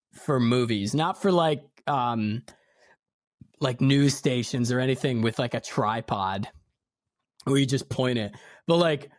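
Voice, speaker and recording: A man's voice: mid-range voice, no room sound, studio quality. A young man hosting a casual podcast, talking bluntly and swearing freely. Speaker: podcast host. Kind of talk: casual chat.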